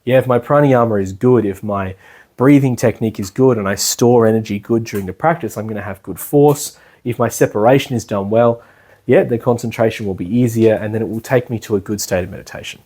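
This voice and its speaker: A man's voice: lowish voice, a little fast, warm tone. A man giving a casual, rambling meditation class indoors, chatting and laughing as he explains. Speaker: meditation teacher. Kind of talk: casual spoken lecture.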